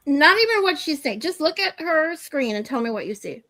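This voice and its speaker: Chatty woman streamer, high dry voice. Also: sing-song, moderate pace, pushed and bright, dry recording. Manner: chatty, laughs often, urges co-host to look. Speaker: live stream host. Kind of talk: casual live-stream chat.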